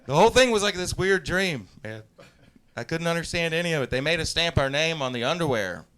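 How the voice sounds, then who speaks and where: A man in his forties from Southeast Texas doing live stand-up, telling stories in a laid-back way, often laughing at his own jokes and breaking into loud yelled impressions. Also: fairly high pitch, expressive, a little fast, clean tone. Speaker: stand-up comedian. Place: live comedy stage.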